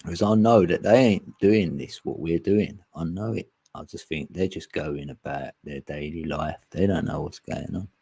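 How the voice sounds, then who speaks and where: A man's voice: sits low, moderate pace, creaky, few pauses, warm tone, breathy edge, no echo. A man, rambling and laughing often in casual chat as a livestream host.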